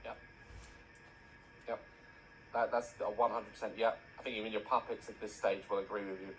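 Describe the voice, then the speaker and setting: A man's voice: fairly low pitch, level tone, fairly quick, soft background music, poor audio. A man hosting a reaction video, mocking what he watches with jokey, sarcastic commentary. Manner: mocking, jokey, laughs at his own dark jokes.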